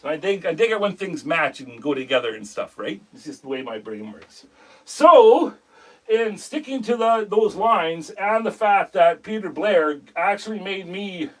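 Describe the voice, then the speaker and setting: A man hosting a woodcarving live stream, chatting casually and rambling as he greets viewers by name and talks about his work. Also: sits high. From Canada.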